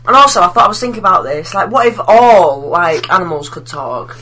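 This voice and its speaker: A man's voice: high-pitched, lively intonation, brisk, sharp tone, low-quality recording. A man chatting on a podcast, rambling and laughing often. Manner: rambling, laughs a lot, does silly voices. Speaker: podcast co-host. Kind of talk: casual chat.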